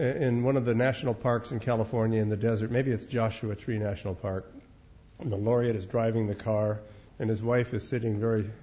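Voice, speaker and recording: Older man lecturer, wry unhurried storyteller, mid-pitched voice, dull lo-fi recording. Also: dark tone. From Minnesota, United States. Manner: wry, unhurried, repeats words as he goes.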